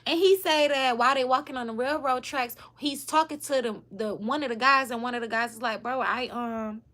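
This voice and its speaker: A woman's voice: sits high, brisk, a bit bright. A woman vlogger casually retelling a story in a rambling, profane way, with lots of fillers.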